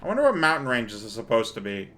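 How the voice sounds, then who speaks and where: A man's voice: mid-range voice, wildly swooping pitch, racing, sharp tone. A man hosting a let's-play, chatting casually and thinking aloud as he plays, a little tired and out of breath. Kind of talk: casual gameplay commentary.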